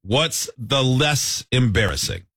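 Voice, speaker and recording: A man hosting a radio show, bantering casually with quick asides and laughter. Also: medium pitch, big pitch swings, a bit bright, breathy edge, dry recording, studio quality.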